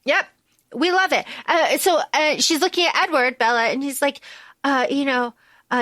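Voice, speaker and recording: Podcast co-host, woman; casual, animated recap, dry close mic. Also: high voice, normal speed, no echo. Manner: animated, swearing, acts out lines in quotes. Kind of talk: casual movie recap chat.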